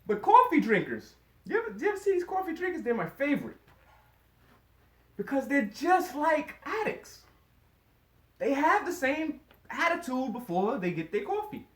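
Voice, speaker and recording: A man's voice: very high-pitched, huge pitch swings, normal speed, long pauses, fairly bright tone. A man doing a first-time stand-up comedy set, rambling with lots of fillers and chuckling through his lines. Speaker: stand-up comic. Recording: echoey room with noise.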